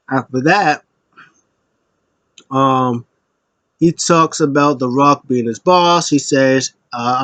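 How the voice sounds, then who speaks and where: A man's voice: mid-range voice, dry recording. A man casually recapping wrestling shows, retelling scenes with lots of fillers, laughs and acted-out quotes.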